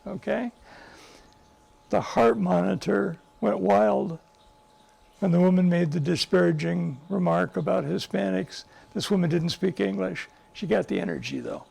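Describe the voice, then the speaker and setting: A man's voice: sits high, gravelly, darkish tone. An older male psychologist telling stories to a live group, earnest and emphatic, often restarting his sentences. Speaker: psychologist and guest speaker. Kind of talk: speaking to a live group, storytelling.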